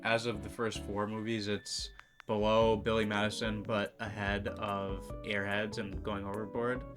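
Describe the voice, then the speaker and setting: A man's voice: lowish voice, flat delivery, measured pace. A young man co-hosting a movie review chat, offering offhand, agreeable opinions in casual conversation. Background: soft background music.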